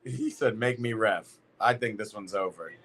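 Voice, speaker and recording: A man's voice: fairly low pitch, normal speed, a bit bright, breathy edge. A man streaming a football watch party, reacting in a loose, slangy, exclaiming way. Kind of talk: live football watch-along commentary.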